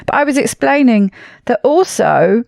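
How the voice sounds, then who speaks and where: A woman's voice: fairly high pitch, sing-song, a little slow, vocal fry, darkish tone, no echo, studio quality. A woman podcast host with a Southeast English accent, chatting casually and laughing often. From Southeast England. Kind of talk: casual interview chat.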